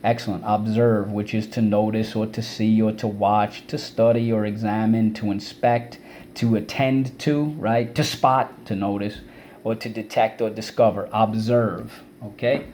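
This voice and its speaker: A man's voice: on the low side, flat delivery, measured pace, darkish tone, slight background noise. A male teacher giving a spelling and vocabulary lesson, defining words and leading the class through call-and-response drills, syllable by syllable.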